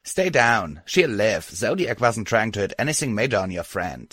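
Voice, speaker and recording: Man voicing a cocky armored mare, casual smirking delivery, lowish voice lifted a little, dry close read. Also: sing-song, normal speed, fairly bright tone, no room sound. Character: armored female pony killer, cocky, grinning.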